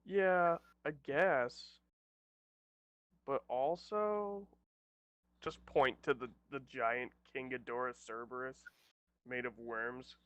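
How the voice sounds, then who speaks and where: A man's voice: medium pitch, slow, pauses often, fairly bright tone, smooth, no echo, muffled recording. A man playing a tabletop game over voice chat, easygoing and jokey, laughing often. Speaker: player.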